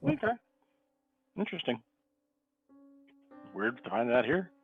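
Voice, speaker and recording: A man's voice: mid-range voice, sing-song, unhurried, breathy edge, phone-quality sound, faint music behind. A man playing a tabletop game, chatting casually in and out of character. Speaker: player.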